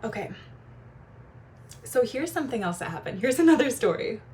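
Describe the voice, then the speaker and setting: Animated young woman coach telling stories. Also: a little high, moderate pace, a little hiss or hum. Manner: animated storyteller, shifts voice when quoting people. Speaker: feminine energy coach. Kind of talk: casual advice talk with personal storytelling.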